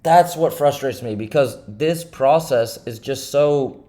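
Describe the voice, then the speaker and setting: A man's voice: medium pitch, takes it slowly, dark tone. Young guy venting about trading on his vlog, keeps repeating himself, kinda frustrated. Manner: frustrated, rambling, repeats questions. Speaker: trading vlogger. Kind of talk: casual confessional monologue.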